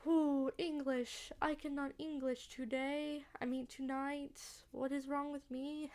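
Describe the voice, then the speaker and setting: Giggly high-voiced woman gamer. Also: little pitch movement, slow pace, a little mellow. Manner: self-mocking, giggly asides. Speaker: gaming channel host. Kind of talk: let's play commentary.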